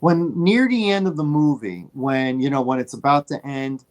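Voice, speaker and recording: A man's voice: medium pitch, moderate pace. A man co-hosting a laid-back movie podcast, talking in a mid-range voice. He tells his story with lots of energy. He hammers his points home by saying them twice. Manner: animated storyteller, repeats phrases for emphasis. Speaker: podcast co-host. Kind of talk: casual movie chat.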